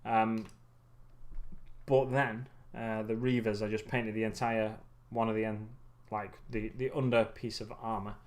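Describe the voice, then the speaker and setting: In a lowish voice, a man hosts a laid-back hobby livestream, building miniatures while he muses and rambles with frequent pauses and self-corrections. He's starting to sound tired.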